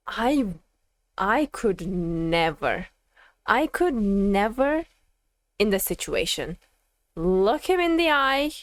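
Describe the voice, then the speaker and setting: A woman's voice: mid-range voice, no echo. Giggly, flustered young woman streamer. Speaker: streamer reacting to a game. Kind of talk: casual gameplay reaction commentary.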